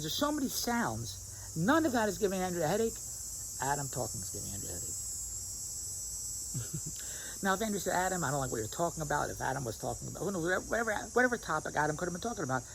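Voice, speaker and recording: Animated, fast-talking man rambling outdoors. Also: fairly high pitch, vocal fry, slight background noise, poor audio. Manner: animated, repetitive, laughs at his own points. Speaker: vlogger. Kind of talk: rambling casual vlog monologue. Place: outdoors at a restaurant. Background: crickets and insects.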